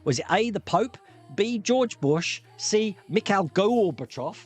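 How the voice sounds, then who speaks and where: A man hosting a live-streamed pub quiz, jokey and quick to laugh as he reads out multiple-choice options. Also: high-pitched, lively intonation, husky, soft background music. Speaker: quiz host.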